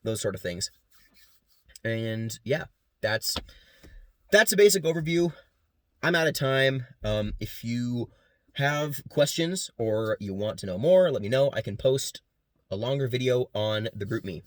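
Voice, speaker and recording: A man's voice: mid-range voice, expressive, no room sound. Casual young man explaining beatboxing. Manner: casual, quick, demonstrates sounds between sentences. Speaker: student presenter. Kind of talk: class presentation with beatboxing demos.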